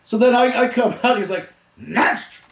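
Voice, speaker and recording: A man hosting a podcast from home, telling a story in a casual, profane and animated way. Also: very high voice, fairly quick. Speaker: podcast host. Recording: echoey, dull lo-fi room sound.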